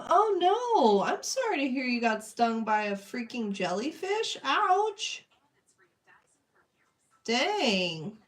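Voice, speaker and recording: A young woman chatting casually with her live-stream chat while she draws, greeting viewers and reading their comments. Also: fairly high pitch. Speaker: streamer drawing requests.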